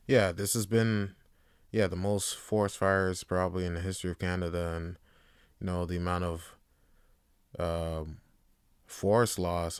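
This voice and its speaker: A low-pitched man talks through a casual podcast monologue, drifting between thoughts with plenty of fillers and the odd curse. His voice is bright and crisp, and it sits very dry on the mic. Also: no echo. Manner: rambling, lots of fillers and swearing. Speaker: podcast host.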